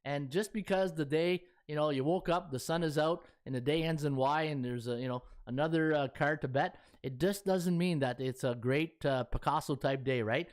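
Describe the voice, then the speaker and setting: A man's voice: fairly high pitch, moderate pace, few pauses, clear, resonant tone. A man hosting a sports betting podcast, chatting in a folksy way with lots of fillers. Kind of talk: casual chat.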